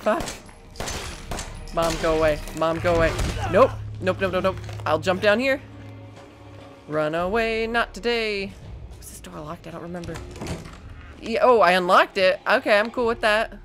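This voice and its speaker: A woman's voice: on the low side, normal speed, pauses often, a bit bright. Young woman, gaming commentary, jittery and rambling, curses often, faint music under her voice. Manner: panicky, rambling, swearing, talks to the game. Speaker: gaming streamer. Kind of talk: let's play commentary.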